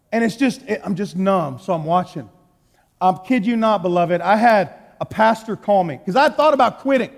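A man with a Texan accent preaching a sermon, telling a personal story and acting out his own words, going from hushed to shouting. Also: sits high, normal speed, gravelly. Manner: animated, acts out quotes, swings from hushed to shouting. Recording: long hall reverb.

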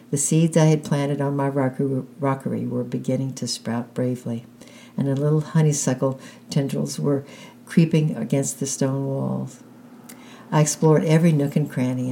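A woman with a very deep, dark voice reads a children's novel aloud in the first person. Her narration is calm and unhurried, with a faint hiss underneath. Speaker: audiobook reader.

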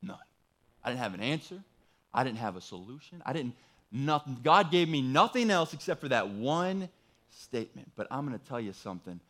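A man preaching a sermon as a pastor, telling a personal story in a casual way, swinging between loud pleading and hushed, soft talk. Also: medium pitch, animated, moderate pace.

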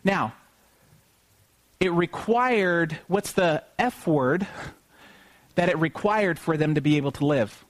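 A man preaching an Easter sermon, often asking the congregation questions and pausing for them to call back the answer. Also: a little high. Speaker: pastor.

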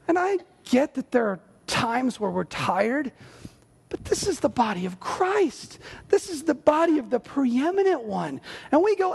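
A male pastor preaching a sermon in an earnest, conversational way with animated asides. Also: very high voice, normal speed, vocal fry, breathy edge. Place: church sanctuary. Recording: long church hall reverb.

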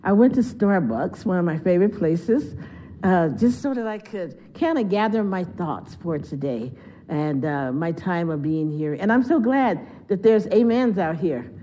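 Woman guest preacher, mellow voice, earnest and heartfelt, dull lo-fi church recording. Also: fairly low pitch, lively intonation, a little slow. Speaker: guest speaker. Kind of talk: sermon storytelling.

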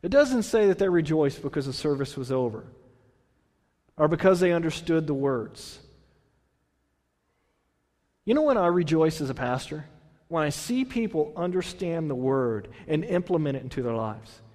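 A man's voice: fairly high pitch, lively intonation, normal speed, pauses often, a little mellow, in a large hall. A man, a pastor, preaching a conversational sermon, reading scripture and then explaining it with restarts and questions to the congregation. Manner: restarts and repeats words, asks the congregation questions.

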